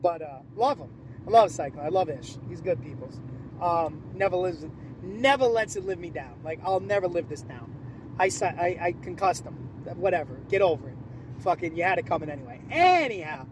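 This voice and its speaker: A man's voice: high voice, brisk, noisy background. A man hosting a casual podcast chat on a road trip, telling stories with lots of swearing and laughter. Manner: profane, animated storyteller who laughs often. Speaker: podcast host and wrestler. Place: inside a car on a road trip.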